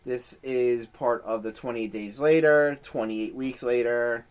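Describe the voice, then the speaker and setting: A man's voice: mid-range voice, fairly even intonation, a little slow, clear, resonant tone. A man co-hosting a casual podcast, blunt and offhand, dropping curses as he runs through a list. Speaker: podcast co-host. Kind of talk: casual chat.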